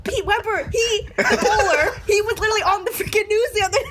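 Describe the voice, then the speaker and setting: A woman's voice: very high-pitched, fast, fairly bright tone, slight background noise. A young woman guest on a podcast, chatting casually, giggling and exclaiming often. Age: young adult. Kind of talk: casual chat.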